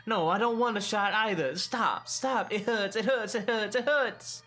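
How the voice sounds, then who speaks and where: A man with a mid-range, fairly bright voice that sounds close to everyday speech reads a visual novel aloud at a moderate pace over soft background music. He voices a tormented teenage girl sliding into paranoid delusion, and she repeats herself obsessively and pleadingly in a frantic mood.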